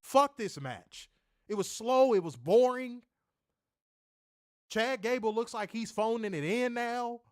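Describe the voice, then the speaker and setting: A man's voice: very high-pitched, lively intonation, slow, long pauses, darkish tone, no echo, studio quality. A man co-hosting a wrestling review show, ranting in an exasperated, profane, mocking way. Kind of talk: ranting casual review chat.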